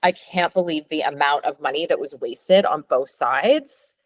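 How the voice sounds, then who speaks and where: A woman hosting a casual conversation, talking in a chatty, animated way with lots of filler words. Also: deep voice, moderate pace, no echo. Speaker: host.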